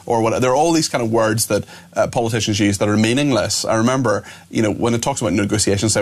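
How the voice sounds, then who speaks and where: A man's voice: on the low side, fast talker, gravelly. A man hosting a talk radio show, opinionated and indignant, firing off rhetorical questions from a studio.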